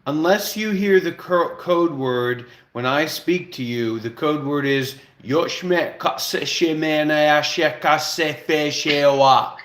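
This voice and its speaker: A man's voice: fairly high pitch, takes it slowly, hardly any pauses, fairly bright tone. Commanding man, roomy echo. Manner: commanding, issues blunt instructions. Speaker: livestream host. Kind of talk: casual livestream talk.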